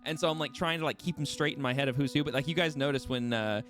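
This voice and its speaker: A man's voice: medium pitch, quick pace, a bit bright. A young man running a tabletop game, talking animatedly and laughing at himself as he rambles with restarts. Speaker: game master. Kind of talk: casual table talk between sessions. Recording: music bed playing behind voice.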